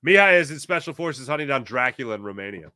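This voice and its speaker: A man's voice: mid-range voice, fast, clean tone, no echo, clean studio sound. A man hosting a casual sports talk show, reading viewer chat and telling stories in a chatty way with frequent laughs. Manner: animated, chatty, laughs often, storytelling.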